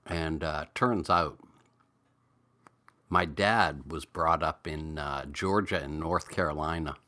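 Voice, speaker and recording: Low slow man, new england accent, rambling chatty host, bright tone. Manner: rambling, chatty storyteller greeting viewers. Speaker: livestream host. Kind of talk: relaxed pipe-smoking live chat.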